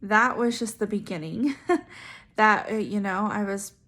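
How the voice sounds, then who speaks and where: A woman's voice: mid-range voice, measured pace, sharp tone. A young woman telling a personal story in a chatty way, with many fillers and asides. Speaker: vlogger sharing her story. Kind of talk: casual storytelling.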